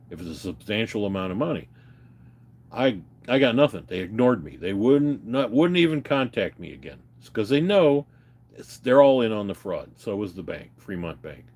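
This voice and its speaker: A man venting in a heated, profane rant to his viewers, retelling a phone call. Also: fairly low pitch. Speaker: vlogger.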